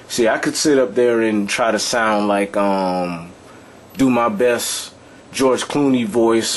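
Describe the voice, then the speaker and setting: In a voice on the low side, a man runs an informal lesson, speaking loosely, repeating points, and frequently checking the listener understands. Slight background noise is audible.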